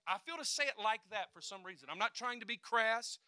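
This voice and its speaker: Forceful high-voiced male preacher. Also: animated, fast, hardly any pauses, no echo. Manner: swings from quiet to loud, acts out voices. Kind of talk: sermon.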